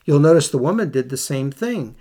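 A man's voice: on the high side, animated, fairly quick, mellow. A man preaching a Bible lesson, reading scripture aloud and putting earnest questions to his listeners.

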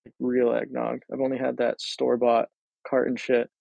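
A man's voice: medium pitch, monotone, normal speed, creaky, dry recording, narrow, tinny audio. A man co-hosting a podcast in easygoing, rambling casual chat with casual swearing. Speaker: podcast co-host.

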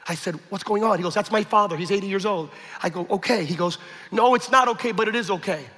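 A man preaching a sermon, telling a story with acted-out quotes and building to shouts. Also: high-pitched, fast talker. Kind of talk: sermon testimony. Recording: echoey hall with long reverb.

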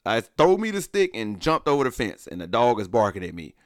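A man co-hosting a podcast, telling a story in a casual, animated way with acted-out quotes and laughter. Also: on the low side, fairly quick, no echo, studio quality. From Alabama. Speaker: podcast co-host.

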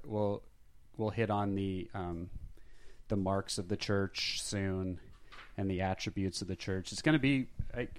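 A man with a fairly low voice hosts a casual podcast chat. He rambles a bit, jokes at his own expense and keeps things light. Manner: rambling, jokey, self-deprecating. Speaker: podcast co-host.

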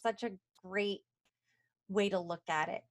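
A woman's voice: mid-range voice, measured pace. A woman hosting a ministry interview podcast, affirming and encouraging her guest. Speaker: podcast host.

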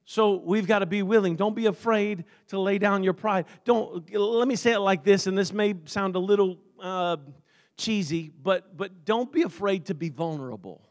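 A male pastor with a strikingly high-pitched voice delivers a fervent sermon. He peppers his preaching with amens, surging to shouts and dropping to hushed, pleading tones. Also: normal speed.

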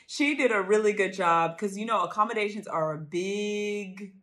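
A woman's voice: medium pitch, moderate pace, fairly bright tone. A woman co-hosting a podcast, gossiping playfully about reality TV with frequent exclamations. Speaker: podcast co-host. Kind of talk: casual reality-TV recap chat.

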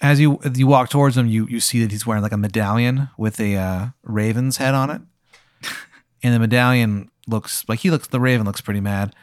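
A young man running a comic tabletop game as game master, deadpan and laughing at his own bits. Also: mid-range voice, fairly quick, dry recording, clean studio sound. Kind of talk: improvised comic tabletop narration.

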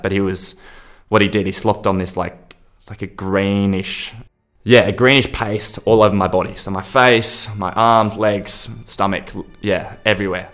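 Deep-voiced man telling a personal story. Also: fairly bright tone, smooth. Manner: halting, restarts mid-sentence. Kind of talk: personal anecdote.

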